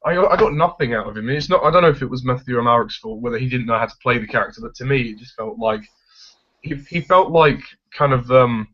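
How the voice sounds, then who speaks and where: Talking fast at a medium pitch, a man shares strong, no-nonsense opinions about a film in relaxed conversation as a reviewer. The recording is dull and lo-fi.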